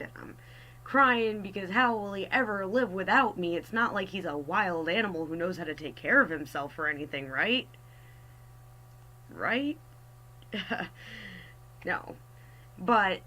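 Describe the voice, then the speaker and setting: A woman's voice: fairly low pitch, bright, forceful tone, rough recording. A young woman telling a personal story in a casual, chatty way, wry and self-mocking. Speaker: artist storyteller.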